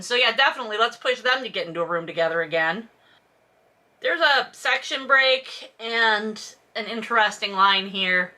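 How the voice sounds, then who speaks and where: A woman's voice: on the high side, animated, moderate pace, bright, forceful tone. A woman reading a novel aloud as host and breaking off for snarky, exasperated commentary. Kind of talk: sarcastic read-along commentary.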